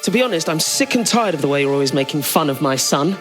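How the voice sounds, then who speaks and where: A man's voice: lively intonation, fast talker, soft background music. A man doing posh Sarah Jane. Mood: furious. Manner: raised pitch, posh, soft then angry. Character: posh protective middle-aged woman, Sarah Jane. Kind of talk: reading a script aloud.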